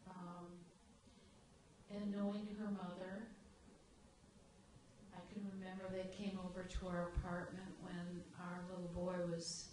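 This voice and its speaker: A woman on a library panel recalling a friend, speaking in an unhurried way with pauses. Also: on the low side, monotone, darkish tone. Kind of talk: reminiscing on a panel. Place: library event room. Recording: echoey hall from far off with noise.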